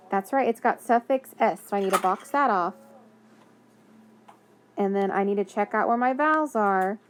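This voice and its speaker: A woman's voice: medium pitch, darkish tone. A woman teaching a phonics lesson to young children, patiently sounding out words and praising answers.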